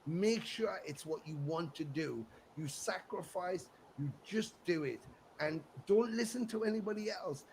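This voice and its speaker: Middle-aged English male rock musician, lively storyteller with a slightly high voice and faint hiss behind; acts out quotes, curses freely. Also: a little slow, vocal fry, poor audio. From England. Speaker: musician guest. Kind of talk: casual interview chat.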